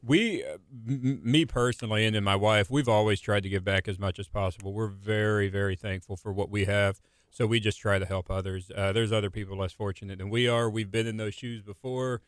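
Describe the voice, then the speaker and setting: Young male business owner, low smooth voice, casual chat, rambling delivery, dry close sound. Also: fairly even intonation, brisk, no room sound. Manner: rambling, restarts sentences often. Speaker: small business owner and stay-at-home dad.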